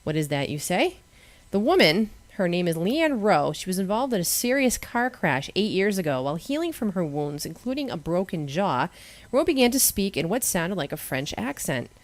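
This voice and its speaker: A woman's voice: fairly low pitch, big pitch swings, normal speed, no room sound. A woman with a Boston accent, co-hosting a casual talk show, reading odd news stories with sarcastic asides. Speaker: radio show co-host.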